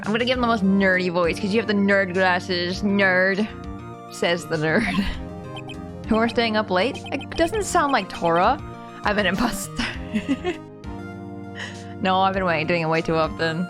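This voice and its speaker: Giggly woman streamer chatting slowly. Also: mid-range voice, lively intonation, music in the background. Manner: giggly, chatty, reacts to chat. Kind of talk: casual chat while playing a game.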